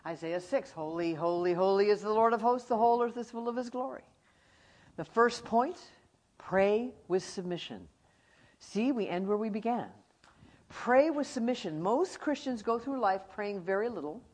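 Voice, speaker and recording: Animated, husky-voiced woman Bible teacher. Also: medium pitch, normal speed. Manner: animated storyteller, acts out animals and friends.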